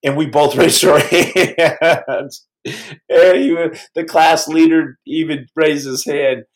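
Animated male storyteller, slightly high voice. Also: slow, low-quality recording. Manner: animated, stumbling restarts, acts out quotes. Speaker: podcast host and storyteller. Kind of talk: casual spoken storytelling.

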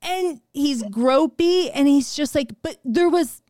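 A middle-aged woman co-hosting a podcast, telling a story in a casual, animated way, laughing and acting out the lines she quotes. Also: sits high, slow, dry recording. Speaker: podcast co-host.

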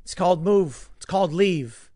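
A man's voice: high voice, moderate pace, dark tone. Exasperated man ranting on his commentary show. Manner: emphatic, exasperated, repeats words when heated.

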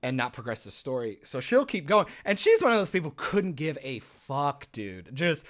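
On a podcast, a young co-host chats casually in a slightly raised, loose voice, swearing freely and performing his own reactions as he tells stories. He talks at normal speed with a slightly high pitch.

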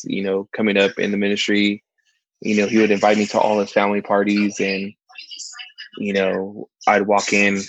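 A man co-hosting a casual chat, telling stories with lively, much higher put-on voices for the people he quotes. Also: dry recording, highs cut off. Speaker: podcast co-host, church ministry worker.

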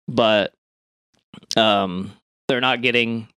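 A man's voice: mid-range voice, steady tone, very slow, bright, forceful tone, clean tone, no echo. A man co-hosting a casual comedy podcast, reading odd news and rambling with frequent laughs. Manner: rambling, laughs at own jokes.

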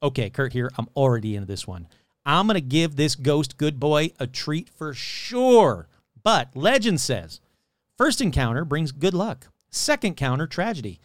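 A man's voice: on the high side, very animated, moderate pace, no room sound, studio quality. A man hosting a casual comedy podcast, sarcastic and profane, rambling as he mocks a legend. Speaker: podcast host.

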